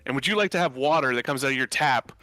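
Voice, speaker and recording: A man appearing as a political candidate guest, speaking earnestly and haltingly in an interview. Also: mid-range voice, bright, forceful tone, no room sound, faint music behind.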